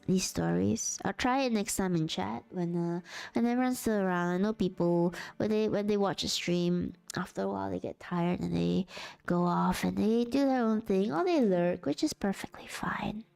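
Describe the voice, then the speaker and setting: A woman streamer at home, talking to her chat and narrating a story in a slow, steady voice. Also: mid-range voice, vocal fry. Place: at home, sitting on the floor.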